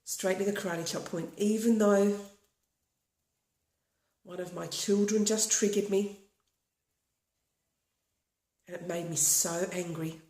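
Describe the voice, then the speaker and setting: A woman's voice: medium pitch, steady tone, slow pace, long pauses, mellow. A woman from Australia leading a guided tapping session, talking earnestly and repeating affirmations. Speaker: tapping practitioner. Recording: echoey room.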